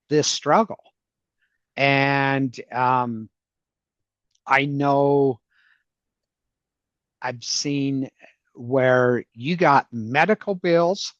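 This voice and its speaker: A man hosting a podcast, speaking slowly and hesitantly with many pauses and "um"s. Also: medium pitch, a bit bright, no room sound. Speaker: podcast host. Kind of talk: interview conversation. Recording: dry, dull lo-fi sound.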